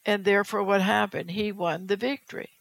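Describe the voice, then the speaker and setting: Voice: mid-range voice, fairly even intonation, a little fast, creaky, a bit bright, rough recording. A preacher delivering a fervent sermon, exhorting the church with rhetorical questions and reading scripture aloud.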